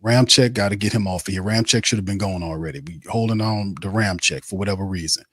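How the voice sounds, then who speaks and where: A man's voice: on the low side, fast, fairly bright tone, slightly rough, dry recording. A man hosting a postgame sports show. He rants bluntly and heatedly and keeps repeating his phrases. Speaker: sports talk show host.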